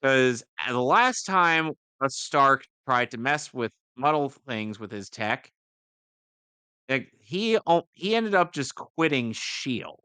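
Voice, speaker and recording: A man's voice: mid-range voice, animated, takes it slowly, pushed and bright, clear, resonant tone, no room sound. A man co-hosting a casual reaction podcast, chatty and explaining plot details at length. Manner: chatty, explains at length, agrees with lots of yeah. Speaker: podcast co-host.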